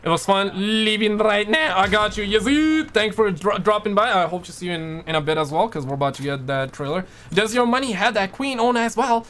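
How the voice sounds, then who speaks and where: A man's voice: high voice, fairly quick, few pauses, slight background noise. A young man from Quebec hosting a casual livestream, chatting loosely and reading viewers' messages aloud. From Quebec, Canada. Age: young adult. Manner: relaxed, chatty, reads chat aloud. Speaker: livestream host.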